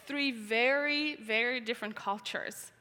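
Bright-voiced woman testifying in a hall. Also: fairly high pitch, measured pace. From Tajikistan. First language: not English. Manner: earnest storytelling, repeats words for emphasis. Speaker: speaker giving testimony. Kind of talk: personal testimony talk. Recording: reverberant large hall.

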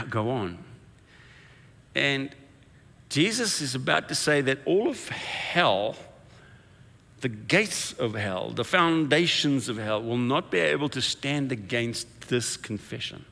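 A man preaching a sermon, telling the story with shifts between hushed and excited delivery. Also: mid-range voice, vocal fry. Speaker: pastor. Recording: echoey hall reverb.

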